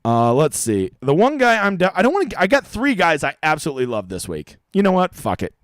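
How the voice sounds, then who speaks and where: A man's voice: on the high side, wildly swooping pitch, a little fast, dry recording. A man hosting a live stream of fantasy golf picks, talking in a brash, profane, joking way. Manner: brash, profane, jokey trash talk.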